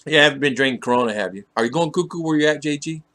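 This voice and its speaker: A man's voice: fairly high pitch, rapid-fire, a bit bright. A man hosting a casual live stream, reading viewers' comments aloud and teasing them in a chatty way. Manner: teasing, chatty, laughs often.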